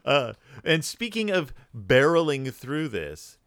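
A man's voice: fairly high pitch, very animated, slow pace, fairly bright tone, clean tone, no echo, clean studio sound. A man co-hosting a podcast, chatting casually about books in a rambling, playful, joking way. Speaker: podcast co-host. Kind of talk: casual book chat.

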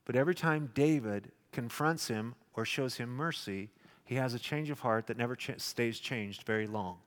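A man preaching a sermon, dramatic, acting out the quotes loudly and then dropping to a hush. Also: medium pitch, normal speed. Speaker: pastor. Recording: long echoing reverb of a large hall.

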